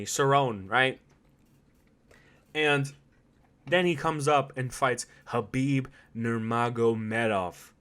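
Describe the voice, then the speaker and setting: A man hosting a solo podcast, talking in an animated, swearing, laugh-filled way that swings between loud outbursts and low asides. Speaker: podcast host.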